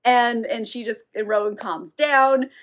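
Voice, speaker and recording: A woman with a high, bright voice who recaps a novel casually. She swears freely, laughs often and keeps her delivery animated. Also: unhurried. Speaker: book reviewer. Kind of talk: casual book recap vlog.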